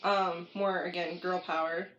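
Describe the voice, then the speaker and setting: A woman co-hosting a podcast in casual chat, opinionated and quick to react. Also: lowish voice, little pitch movement, a bit bright, lo-fi sound, a little hiss or hum. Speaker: podcast co-host.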